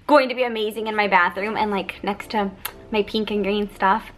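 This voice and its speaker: A woman's voice: mid-range voice, fairly even intonation, normal speed. A young American woman chatting through a casual beauty product review vlog in a bubbly, giggly way. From United States. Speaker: beauty vlogger.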